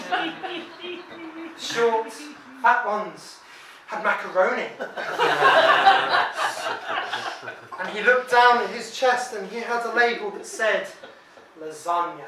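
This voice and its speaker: Far-off echoey woman storyteller. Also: fairly high pitch. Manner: dramatic hushed drops and loud outbursts. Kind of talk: live spooky storytelling. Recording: echoey room from far off, light noise.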